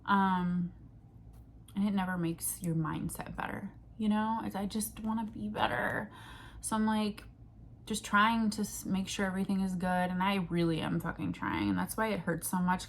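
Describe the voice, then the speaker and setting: A woman's voice: medium pitch, fairly even intonation, moderate pace. Rambling, swearing young woman. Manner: rambling, swears freely, restarts and jumps between thoughts. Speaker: vlogger. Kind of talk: casual venting vlog. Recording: faint background noise.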